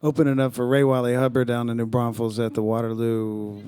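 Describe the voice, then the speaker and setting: A singer-songwriter telling a rambling, self-deprecating story between songs at a small club. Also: male voice, mid-range voice, flat delivery, a little fast, mellow, clean tone, faint music behind. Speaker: singer-songwriter performing live. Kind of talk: relaxed stage banter between songs. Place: small live music club.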